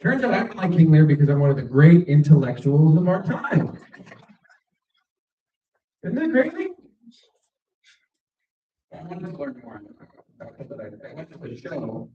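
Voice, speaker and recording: A man's voice: medium pitch, fairly quick, few pauses, a little hiss or hum. A man doing stand-up, telling a story in a rambling, chatty, self-mocking way with lots of fillers, on a small stage before a live audience. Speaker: stand-up comedian. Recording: echoey room, distant mic, dull sound.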